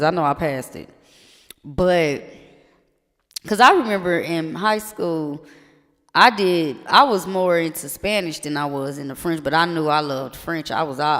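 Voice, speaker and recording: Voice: medium pitch, fairly bright tone. Rambling, profane live streamer. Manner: rambling, loose and profane, slangy; switches into halting French. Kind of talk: casual chat. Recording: long reverb with music behind.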